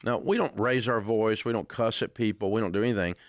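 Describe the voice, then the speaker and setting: Folksy older Southern man, low voice. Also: fast talker, no echo, clean studio sound. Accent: Southern American. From American South. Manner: folksy, blunt, plainspoken. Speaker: radio host, interviewee. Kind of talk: storytelling interview answers.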